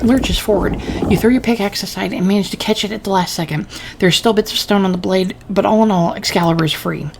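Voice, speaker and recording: Woman gamer, mid pitch, reads the story text and quips at it, faint hiss in the recording. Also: vocal fry. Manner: casual, wry asides between read lines. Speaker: gaming channel host. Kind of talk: reading game text aloud while playing.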